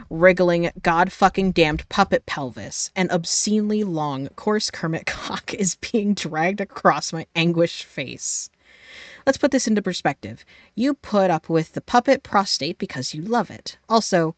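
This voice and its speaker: A woman's voice: on the low side, dry recording. Foul-mouthed woman streamer reading game text. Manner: profane and playful, reading dialogue with laughs. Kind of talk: live-stream gaming commentary, reading game text aloud.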